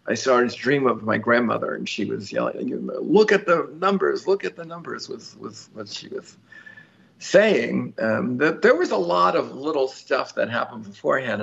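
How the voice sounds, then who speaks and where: A man tells a long story as an interview guest, rambling and chatty, with frequent ums and restarts. His voice has a gravelly, creaky edge. The recording sounds somewhat dull and lo-fi. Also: medium pitch, a bit bright. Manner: laughs easily. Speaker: lottery winner guest.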